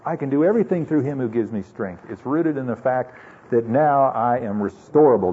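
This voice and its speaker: A man's voice: mid-range voice, dark tone, slightly rough. A man from the United States preaching an earnest, conversational sermon full of rhetorical questions, in a dull lo-fi recording. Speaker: pastor.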